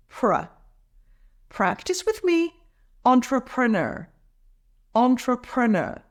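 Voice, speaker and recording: A woman teaching English pronunciation, breaking words into syllables and saying them slowly and carefully for learners to repeat. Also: medium pitch. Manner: careful, drawn-out syllables for practice. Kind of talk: slow, clear pronunciation lesson.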